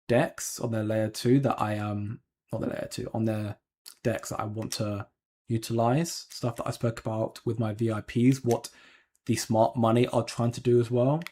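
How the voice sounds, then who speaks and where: A man's voice: mid-range voice, a little mellow. A man hosting a crypto livestream, chatting casually and answering viewer comments with lots of ums and restarts. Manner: rambling, hedging, frequent ums and restarts. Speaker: crypto channel host.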